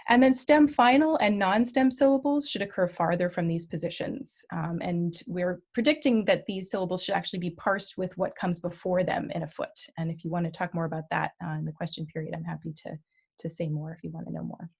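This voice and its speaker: Female lecturer, lowish voice, measured academic delivery full of ums, presenting slides over a video call. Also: gravelly, darkish tone, husky. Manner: careful, many ums and self-corrections. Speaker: guest lecturer. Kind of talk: academic conference talk.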